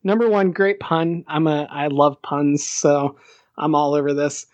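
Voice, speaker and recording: A man's voice: a little high, little pitch movement, a little slow, no room sound, highs cut off. A man hosting a casual podcast, easygoing and laughing as he talks. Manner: easygoing, laughs while talking. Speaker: podcast host.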